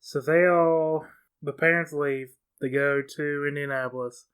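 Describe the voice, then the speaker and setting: A woman's voice: sits low, fairly even intonation, measured pace, clear, resonant tone. A woman in her thirties co-hosting a podcast, retelling a film's plot in casual chat and laughing often. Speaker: podcast co-host.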